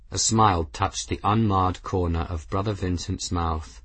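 Husky low-voiced male narrator. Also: fairly even intonation, a little slow, hardly any pauses, fairly bright tone, dry recording. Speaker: audiobook narrator. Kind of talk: scripted narration.

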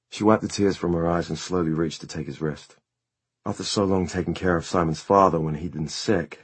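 A man narrating an audiobook in a measured, steady storytelling manner. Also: low voice, husky, no room sound. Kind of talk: scripted narration.

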